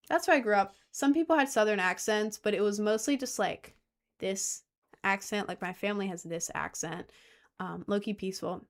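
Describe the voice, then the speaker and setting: A young woman streamer chatting casually in a rambling way, with lots of fillers. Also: mid-range voice. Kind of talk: casual chat.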